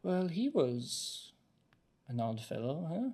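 A man's voice: a little high, sing-song, slow pace, dark tone, pitched above the performer's own voice, exaggerated voice. Male GM as a chatty mother who runs a plant shop, light and friendly. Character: shopkeeping mother, grows lilies.

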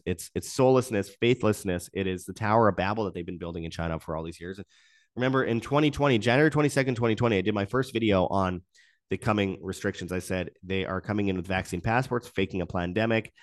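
A man delivering opinionated news commentary in an animated, indignant ranting manner, often restarting his words. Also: on the low side.

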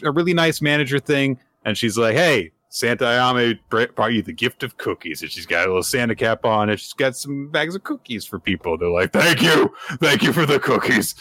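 A man co-hosting a casual podcast, retelling a chapter in a chatty way with lots of fillers and pitch jumps for quoted lines. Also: sharp tone, no echo. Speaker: podcast co-host. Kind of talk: casual chat recapping manga chapters.

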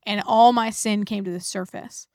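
A woman's voice: medium pitch, steady tone, moderate pace, no room sound, studio quality. A woman co-hosting a church podcast, sharing a personal story in casual chat with many "like"s. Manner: warm storytelling, says "like" often. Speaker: podcast co-host.

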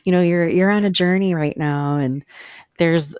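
Host, casual chat, rambling and animated, mid pitch, very dry close recording. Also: normal speed, smooth, no room sound. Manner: chatty, rambling, animated storyteller.

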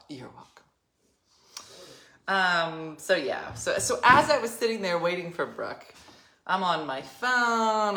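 Woman, fifties, chatty show host, low voice with lively pitch, echoey room. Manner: chatty, rambling storyteller with frequent laughs. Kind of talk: casual chat.

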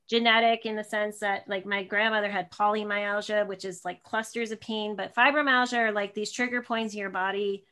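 A woman's voice: medium pitch, steady tone, brisk, hardly any pauses, bright, forceful tone, smooth. A woman in her thirties, a guest in an interview, telling a personal story in a rambling way with many restarts and fillers.

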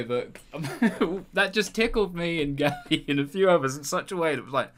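A man, a podcast guest telling an animated story with frequent laughter and swearing. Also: a little high, moderate pace, a little hiss or hum. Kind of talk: casual podcast chat.

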